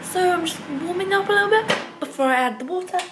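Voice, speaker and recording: Talking fast in a very high, expressive voice, a young woman from England eats in her home kitchen while chatting casually to camera. She's playful and talkative in this vlog, and there's background noise.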